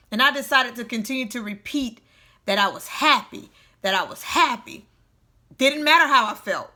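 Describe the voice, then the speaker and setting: A middle-aged woman giving an earnest motivational talk, repeating phrases for emphasis and sometimes dropping to a hush. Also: fairly high pitch. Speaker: motivational speaker. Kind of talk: personal motivational talk to camera.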